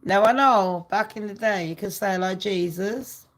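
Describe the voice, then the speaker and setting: A woman's voice: mid-range voice, a little slow. A woman vlogging gossip in a ranting, sarcastic monologue full of swearing and scorn.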